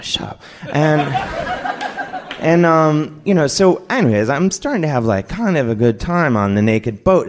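A man telling a comic personal story on stage, lively and laughing, acting out other people's lines. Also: on the low side. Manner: animated, laughing, acts out voices of others. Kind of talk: live comedic storytelling.

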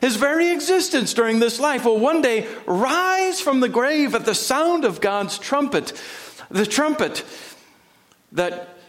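A man preaching a sermon in a church sanctuary, dramatic, with sudden drops to a hush and rising emphasis. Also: extremely high pitch, expressive, a little slow. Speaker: pastor.

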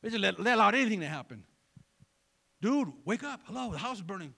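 A man preaching a sermon in an animated way, throwing joking asides to the congregation. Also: high-pitched, brisk, creaky. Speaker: pastor.

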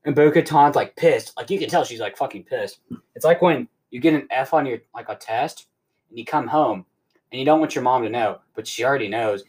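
A young man hosting a podcast, rambling excitedly through a casual recap and swearing often. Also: mid-range voice, fairly quick. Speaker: podcast host.

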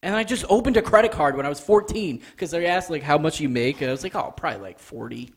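Young male co-host, slightly higher voice, lively and teasing, quick to laugh. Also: husky. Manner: laid-back, teasing, laughs often. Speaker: podcast co-host. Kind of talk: casual chat.

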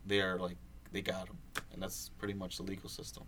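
A young podcast co-host chats casually in a deep, fairly bright voice, monotone and brisk, with slight background noise. He rambles, swears a lot, and fills his speech with fillers and restarts.

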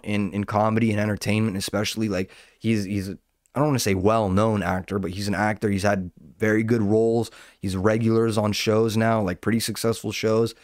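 Low-voiced man ranting, dry and close. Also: no room sound. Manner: profane, rambling, self-interrupting. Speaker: commentator. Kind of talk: casual profane rant.

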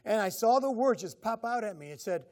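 Middle-aged guy preaching, slightly high voice, talky and repeats himself. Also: expressive, fairly quick, darkish tone. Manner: conversational preaching with repeated phrases. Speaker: pastor. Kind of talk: sermon.

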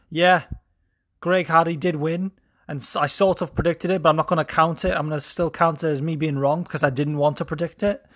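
A podcast host doing a casual fight recap in a put-on Scouse accent, mocking his own attempt. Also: on the high side. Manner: putting on a mock Liverpool accent, self-mocking.

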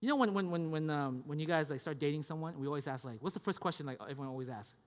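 A man's voice: on the high side, rapid-fire. A man preaching a conversational sermon, casual and repetitive, checking in with the listeners as he goes. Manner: casual, repeats "right?" and "you guys get me?". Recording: long hall reverb.

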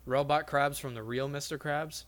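A man's voice: fairly high pitch, fairly even intonation, moderate pace. A young man chatting loosely with a friend, his sentences full of fillers and restarts. He swears casually and wanders through a point before getting to it. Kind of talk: casual chat.

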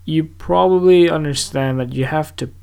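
A man's voice: on the high side, normal speed, gravelly, dark tone, smooth. A young man hosting a casual solo podcast, rambling and self-mocking, dropping into silly voices now and then. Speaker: podcast host.

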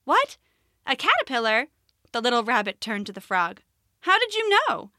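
A woman voicing an anxious little female rabbit in a storybook, talking in a high, worried way. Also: sing-song, moderate pace, bright, forceful tone, no echo, clean studio sound, exaggerated voice. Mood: amazed.

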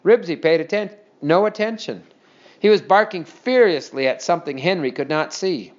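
A man reading a children's story aloud with steady, expressive storytelling. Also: on the high side, normal speed. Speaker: narrator. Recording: dull lo-fi recording.

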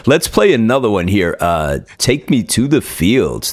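A man's voice: on the low side, sing-song, measured pace, dry recording. A man hosting a podcast interview, playful and joking in casual chat. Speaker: podcast host.

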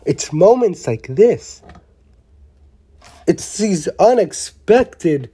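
Unhurried, soft-toned wrestling vlogger; blunt, rambling, excitable opinions. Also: mid-range voice, husky. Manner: rambling, excitable, with many restarts; blunt, with mild swearing. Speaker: wrestling show reviewer. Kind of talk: casual opinionated review.

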